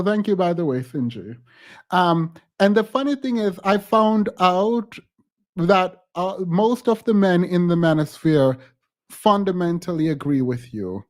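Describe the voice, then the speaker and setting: A man hosting a reaction commentary, skeptical and exasperated, thinking aloud. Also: high voice. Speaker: host reacting to a clip.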